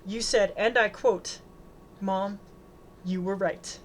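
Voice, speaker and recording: A woman's voice: medium pitch, fairly even intonation, slow, slight background noise, close to an everyday voice. A woman reading the part of a protective middle-aged mother, firm but tender. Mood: wry.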